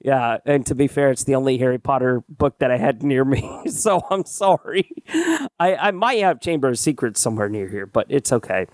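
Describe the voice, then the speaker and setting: Animated male podcast host. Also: medium pitch, moderate pace, dry recording. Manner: animated, laughs easily. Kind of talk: casual podcast chat.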